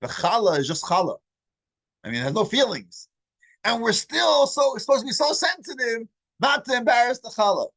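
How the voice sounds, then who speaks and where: A man voicing a wise elderly rabbi who gently questions and rebukes a host, in a husky voice during a storytold lesson. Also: very high voice, sing-song, normal speed, no room sound, pitched above the performer's own voice, full character voice. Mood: gently reproving.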